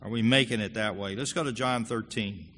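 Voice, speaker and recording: A man preaching a sermon, earnest and conversational, growing louder when he reads scripture aloud. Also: fairly low pitch, a little fast. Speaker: pastor. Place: church hall. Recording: long hall reverb with faint room noise.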